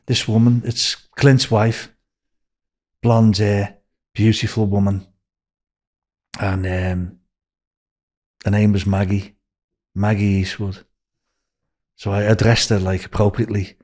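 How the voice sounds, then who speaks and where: A man in his sixties from Liverpool with a Scouse accent, a podcast guest telling a story in an animated way, acting out what people said. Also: on the low side, slow, pauses often. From Liverpool, England. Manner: animated, acts out quoted speech in a raised voice. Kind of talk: anecdotal storytelling.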